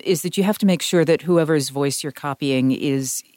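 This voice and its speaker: A woman's voice: sits low, normal speed, darkish tone, no room sound, studio quality. A woman from the US South, co-hosting a podcast and explaining writing craft thoughtfully, with frequent restarts. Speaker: podcast co-host, writing teacher. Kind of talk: casual discussion.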